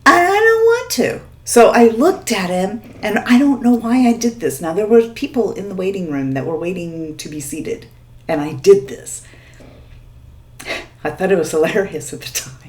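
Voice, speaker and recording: A woman's voice: mid-range voice, moderate pace, warm tone. A woman vlogger telling a story in casual chat, laughing often and checking in with the viewer.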